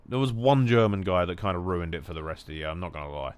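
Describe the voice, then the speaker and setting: A young man from England riffs casually while he plays, wandering off topic and joking freely. His voice sits low but his pitch jumps around a lot, often bursting into loud shouty bits. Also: expressive, fast, few pauses, clean tone, no room sound. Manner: jokey, rambling, sweary, swings to loud mock-German shouts. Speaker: gaming streamer. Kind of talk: casual chat while gaming.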